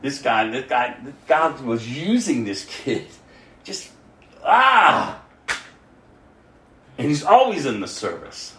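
A man delivering a sermon as a pastor, telling an emotional personal story and often dropping his voice to a hushed near-whisper. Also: mid-range voice, big pitch swings, unhurried, echoey room, slight background noise.

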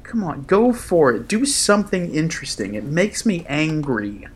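A man co-hosting a casual podcast, ranting in an animated way and laughing often. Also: a little high, moderate pace, slightly rough. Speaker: podcast co-host.

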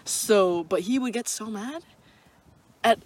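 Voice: medium pitch, slow pace. A young adult podcast co-host telling stories in casual, sarcastic chat. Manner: sarcastic, animated storytelling.

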